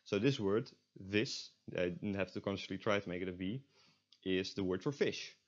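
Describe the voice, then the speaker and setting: A man's voice: low-pitched, fairly quick. Dutch-accented man teaching, lo-fi sound. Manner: explains step by step, stops to correct himself. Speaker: language tutor. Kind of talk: casual recorded lesson. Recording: dull lo-fi audio.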